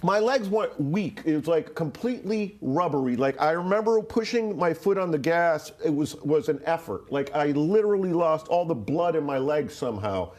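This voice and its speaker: A man's voice: fairly high pitch, lively intonation, moderate pace, few pauses, a little mellow. A man from Rhode Island telling a story casually, rambling with fillers, restarts and swearing. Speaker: interview guest.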